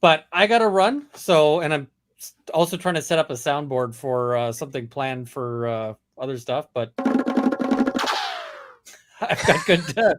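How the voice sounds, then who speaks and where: A man chatting casually on a livestream, animated and laughing before leaving. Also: on the high side, faint music behind. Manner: animated, laughing, quick to exit.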